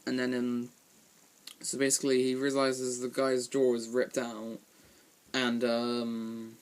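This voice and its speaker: Guy reviewing a film from his room at home, rambly, lots of ums, pretty flat monotone delivery. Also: medium pitch, slow pace, clear, resonant tone. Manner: rambling, full of ums and restarts. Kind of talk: casual spoken film review.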